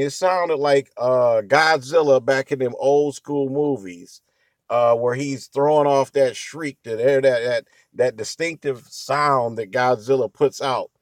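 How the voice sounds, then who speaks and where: A middle-aged man tells a rambling story for his vlog in slangy, profane talk and animated bursts. His voice sits at an ordinary pitch. The sound is dry, with no room echo around it. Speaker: vlogger.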